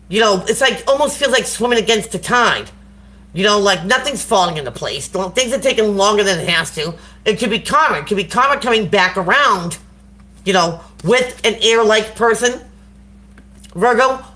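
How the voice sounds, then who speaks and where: A woman's voice: on the high side, sharp tone. Casual slangy woman tarot reader. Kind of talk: live tarot reading to viewers. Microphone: phone.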